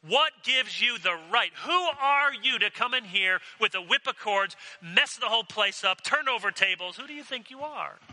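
A man's voice: sits high, expressive, moderate pace, hardly any pauses, bright, forceful tone, pitched above the performer's own voice, full character voice. A man voicing indignant temple leaders who fire challenging questions in a raised voice. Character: indignant temple leaders, grown men, combative. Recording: long hall reverb.

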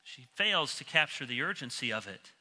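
Animated, bright-voiced preacher in a reverberant hall. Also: male voice, moderate pace. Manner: animated, emphatic, drops low and quiet for quoted speech. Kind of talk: expository sermon. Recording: long reverb of a large hall.

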